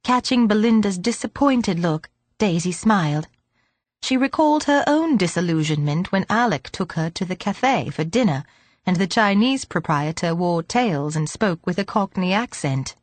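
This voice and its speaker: A woman narrating an audiobook in a gentle, measured storytelling manner. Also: on the low side, lively intonation, dry recording. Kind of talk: scripted narration.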